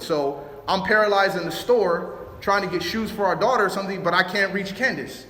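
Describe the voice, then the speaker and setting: A man from Chicago giving a relationship talk, animated, acting out both sides of arguments in his stories. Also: sits high, a little fast, slight background noise. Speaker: youth speaker. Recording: roomy hall reverb.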